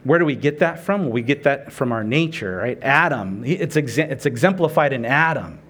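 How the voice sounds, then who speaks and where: A man's voice: mid-range voice, expressive, normal speed, fairly bright tone, slight background noise. A middle-aged man preaching a sermon in a conversational way, asking rhetorical questions and acting out prayers and dialogue. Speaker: pastor.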